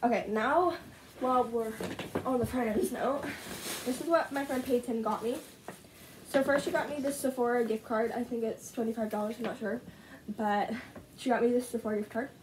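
A teenage girl filming a casual haul video at home, gushing over each item with lots of "like" and "so good", her voice a little rough. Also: on the high side, fairly even intonation, normal speed, noisy background. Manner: gushing, bubbly, heavy use of "like". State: slightly rough voice. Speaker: vlogger. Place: at home, indoors. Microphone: camera set up in front of her.

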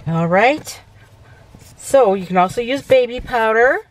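A woman's voice: a little high, expressive, unhurried, a little hiss or hum. A woman hosting a casual papercraft tutorial, chatty and self-correcting, often checking in with "okay". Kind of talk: casual crafting demonstration.

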